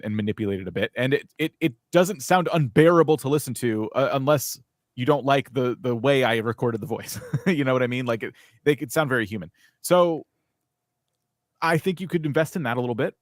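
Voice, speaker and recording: A man's voice: mid-range voice, fairly quick, no room sound, clean studio sound. A man co-hosting a live YouTube channel review, chatty and candidly critical. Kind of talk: live stream review chat.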